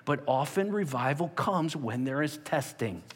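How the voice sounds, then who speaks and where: A male pastor delivering a sermon and prayer, swinging between loud urging and quiet emphasis. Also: fairly high pitch, lively intonation, a little slow, slightly rough, big-room sound.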